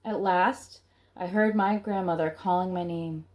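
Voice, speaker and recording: Woman reading a storybook aloud, low voice. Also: fairly even intonation, a little slow, a little mellow. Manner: chatty asides between read passages. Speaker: reader of a children's book. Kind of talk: reading a book aloud with casual asides.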